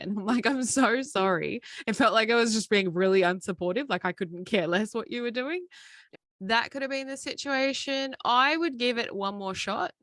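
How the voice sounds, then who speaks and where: A woman co-hosting a podcast, telling stories and giving calm advice in a casual, easygoing way. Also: mid-range voice, dry recording, studio quality. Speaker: podcast co-host. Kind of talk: casual chat.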